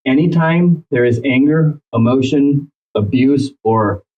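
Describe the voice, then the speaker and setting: Animated man giving relationship advice. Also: medium pitch, unhurried. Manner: animated, acts out dialogue with jokey asides. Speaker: relationship coach, guest. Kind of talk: casual conversational advice. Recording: slightly dull, lo-fi audio.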